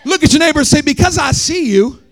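A male pastor, preaching a sermon that swings from shouted, sung lines to quiet talk. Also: extremely high pitch, expressive, fast talker, some chatter behind. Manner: preaching, shouting and half-singing in rises, then dropping soft.

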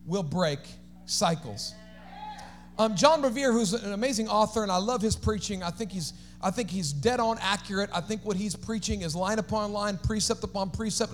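A man preaching a sermon as pastor, swinging between shouted, sing-song climaxes and quiet, conversational asides. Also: high-pitched.

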